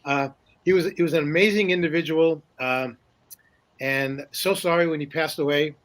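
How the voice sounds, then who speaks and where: A man's voice: on the high side, normal speed, a bit bright. An older man who is a guest in a casual interview, telling rambling stories full of fillers and restarts and chuckling often. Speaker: guest, paranormal journalist.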